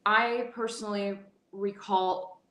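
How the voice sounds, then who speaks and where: An animated woman in her forties recounts a memory as an interview guest. She laughs easily and restarts her sentences. Her voice rings with noticeable room echo. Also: mid-range voice, slow pace. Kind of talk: casual storytelling interview. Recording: echoey room.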